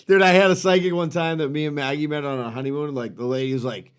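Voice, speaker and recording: A man's voice: a little high, steady tone, quick pace, smooth. A middle-aged man co-hosting a podcast, ranting and swearing in casual chat. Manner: profane, ranting. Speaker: podcast co-host.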